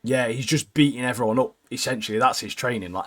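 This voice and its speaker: A man chatting casually about an anime episode as a podcast co-host. His voice sits at an ordinary middle pitch, and he talks with animated energy, tossing "mate" into most sentences. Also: fast. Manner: animated, keeps adding "mate", jumps into high squeaky voices when quoting characters. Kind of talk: casual anime recap chat.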